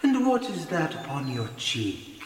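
A man voicing a soft, gentle, childlike ghost of the past, speaking slowly and high. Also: huge pitch swings, roomy sound, long reverb tail, a little hiss or hum, low-quality recording.

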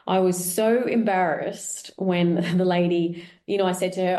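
A woman's voice: fairly low pitch, steady tone, a little slow, warm tone. A middle-aged woman hosting a reflective solo podcast, candid and chatty, laughing at herself now and then. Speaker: podcast host.

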